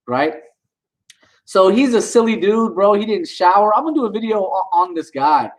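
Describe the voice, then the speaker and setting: A man's voice: high voice, moderate pace, rough recording. Indignant man ranting to the camera. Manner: indignant, animated, talks to viewers directly. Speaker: vlogger. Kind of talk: casual ranting commentary.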